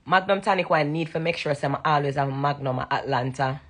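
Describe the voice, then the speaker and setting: A woman's voice: deep voice, brisk, fairly bright tone, a little hiss or hum. A young woman with a Jamaican accent chatting to fans on a live stream from her bedroom, emphatic and repetitive, slipping into patois. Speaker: dancehall singer thanking fans on a live stream. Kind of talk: casual live-stream chat. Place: bedroom at night.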